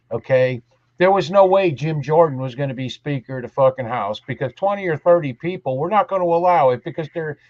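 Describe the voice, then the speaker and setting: A man's voice: a little high, no room sound. A man on a talk panel in heated political chat, blunt and profane, ranting. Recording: dry, muffled lo-fi sound.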